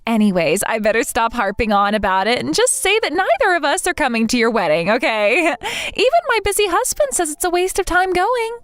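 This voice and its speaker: A woman's voice: high voice, expressive, a little fast, a bit bright. A woman voicing a spiteful younger sister in a text-message story, talking down to others in a sneering, condescending way. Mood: mocking. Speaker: wedding guest refusing to attend.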